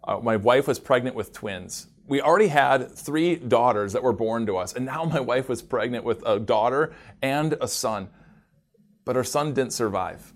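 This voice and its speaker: Male devotional host, mid pitch, earnest gentle testimony. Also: normal speed. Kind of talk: personal testimony to camera.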